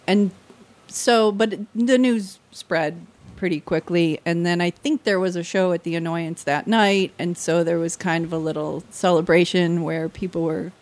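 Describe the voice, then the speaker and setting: A woman's voice: fairly low pitch, steady tone, a little slow, a little mellow. Chatty woman telling a story. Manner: chatty, acts out quoted voices, laughs often. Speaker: guest. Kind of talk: casual podcast storytelling.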